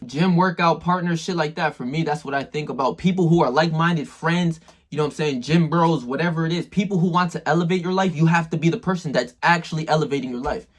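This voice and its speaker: A man talking straight to the viewer in a casual motivational monologue, full of slang and swearing. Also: a little high. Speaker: self-improvement video maker.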